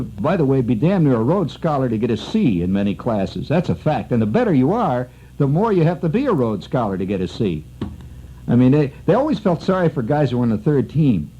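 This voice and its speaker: Middle-aged male radio storyteller with a mellow voice, lively and digressive, on a muffled old broadcast. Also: mid-range voice, slightly rough. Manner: rambling, animated storyteller full of asides. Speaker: radio host. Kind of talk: storytelling monologue.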